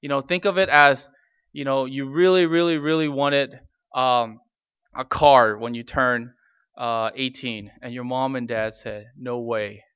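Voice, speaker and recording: Preaching man, smooth and muffled. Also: mid-range voice, steady tone, a little slow, a bit bright, no room sound. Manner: conversational, with frequent fillers and restarts. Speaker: pastor. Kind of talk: sermon.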